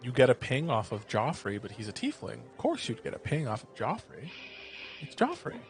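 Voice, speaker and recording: A man running a tabletop role-playing game as game master, narrating in an expressive way. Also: medium pitch, normal speed, soft background music.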